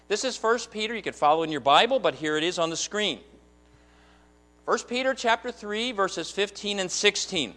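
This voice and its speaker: A man's voice: high-pitched, sharp tone. A man preaching a sermon as a church elder, emphatic and full of rhetorical questions to his congregation. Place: church sanctuary.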